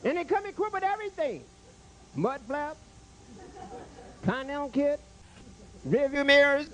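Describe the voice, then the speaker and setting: A man doing a stand-up comedy set in a club, jokey and animated, stammering through restarts and bantering with the crowd and the waiter. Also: very high voice, brisk.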